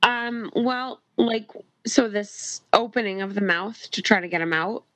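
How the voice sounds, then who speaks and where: A woman's voice: mid-range voice, a little slow, bright, forceful tone, no room sound. A woman playing a tabletop game, talking bluntly and casually, swearing freely. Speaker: player.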